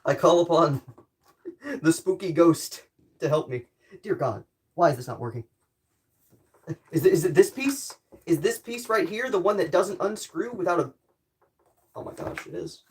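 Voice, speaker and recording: A woman's voice: on the low side, lively intonation, normal speed, pauses often, a little mellow. A young woman streamer in her bedroom, chatting casually and muttering to herself while she tinkers with a gadget. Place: bedroom at home.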